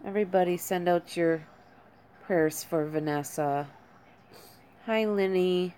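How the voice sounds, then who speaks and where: A woman with a notably low voice hosts a casual live stream. She greets chat viewers by name in an unhurried, conversational way. Her tone stays gentle and consoling. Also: slight background noise.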